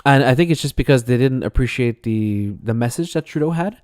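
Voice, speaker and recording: A man's voice: medium pitch, expressive, fairly quick, a little mellow, no room sound. Canadian guy on a chat show, dry sound, easygoing, laughs a lot, swears some. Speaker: co-host. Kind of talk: casual chat.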